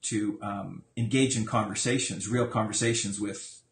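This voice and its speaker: A man's voice: fairly low pitch, steady tone, moderate pace, reverberant. A man conducting a casual interview as an author and dad, with a playful, teasing manner.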